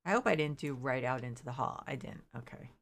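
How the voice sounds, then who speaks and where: Low-voiced chatty woman streamer. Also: animated, fast talker, creaky. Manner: rambling, chatty, reads chat aloud; frequent fillers and restarts. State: yawning, recovering from illness. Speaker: game streamer. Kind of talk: casual chat while playing.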